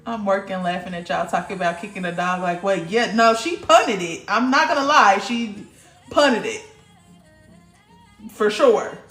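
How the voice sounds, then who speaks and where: A woman's voice: mid-range voice, animated, unhurried, long pauses, fairly bright tone, roomy sound, soft background music. A woman hosting a casual livestream, talking bluntly and profanely straight to her viewers in the chat. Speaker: livestream host.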